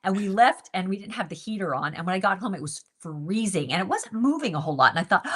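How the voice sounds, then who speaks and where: A woman of middle pitch hosts a book group over a video call. She tells stories with animation and laughs often. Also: animated, fast talker, fairly bright tone, slightly rough. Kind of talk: casual interview chat.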